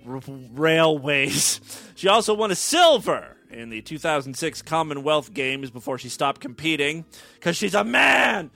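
A man's voice: fairly high pitch, lively intonation, unhurried, hardly any pauses, a bit bright. A man hosting a show, reading strange news stories with irreverent jokey asides and frequent stumbles over words. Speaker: podcast host reading odd news.

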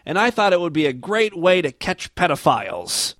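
A man's voice: on the high side, big pitch swings, moderate pace, fairly bright tone, dry recording, clean studio sound. A man hosting a comedy show, telling a story in a wry, self-mocking way. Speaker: show host. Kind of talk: comedic monologue.

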